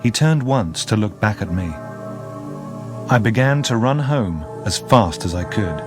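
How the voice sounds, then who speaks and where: A man's voice: lowish voice, measured pace, over music. A man narrating an audiobook expressively. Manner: expressive, lively. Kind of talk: scripted narration.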